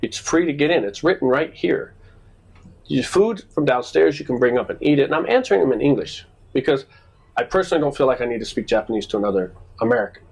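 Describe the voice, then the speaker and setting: Husky man telling stories animatedly. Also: mid-range voice, quick pace, rough recording. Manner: animated storyteller acting out quoted exchanges. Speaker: podcast co-host. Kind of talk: casual storytelling chat.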